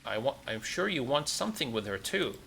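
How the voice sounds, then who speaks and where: A man's voice: mid-range voice, big pitch swings, fairly quick, vocal fry, a bit bright, slight background noise. A man reading game dialogue aloud, voicing a shifty middle-aged man who is smug and pushy. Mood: coaxing.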